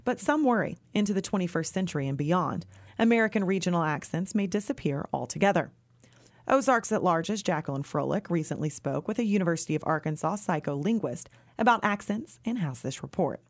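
A woman news anchor reading a scripted introduction in a smooth, formal way. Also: lowish voice, expressive, brisk, dry recording.

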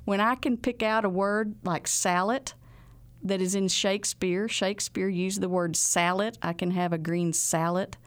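A woman from the Ozarks with an Ozark accent, explaining local folkways in an unhurried, folksy way and drawing out her words. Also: mid-range voice, steady tone, no echo. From Ozarks, USA. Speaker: presenter of Ozark folkways programs. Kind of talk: interview, storytelling explanation.

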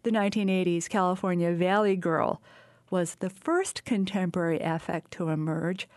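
A woman reporter narrating a scripted radio news feature in a clear, even delivery. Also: on the low side, moderate pace, dry recording.

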